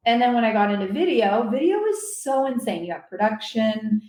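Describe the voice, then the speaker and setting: A young woman from Silicon Valley, a guest telling rambling, animated stories in casual chat at a convention. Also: on the high side, fairly quick. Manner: animated, rambling, quotes people in voices. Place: convention venue. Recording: roomy echo.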